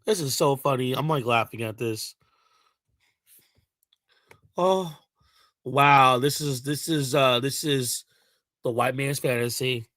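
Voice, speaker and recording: A man's voice: medium pitch, steady tone, moderate pace, fairly bright tone, no room sound, studio quality. A man hosting a livestream, ranting heatedly and profanely, talking back to his chat. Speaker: livestream host.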